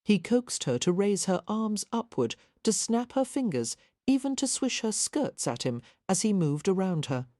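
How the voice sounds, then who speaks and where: A woman reads a historical romance audiobook close to the mic, in a measured, steady storytelling style. Her voice is medium-pitched, with no room sound.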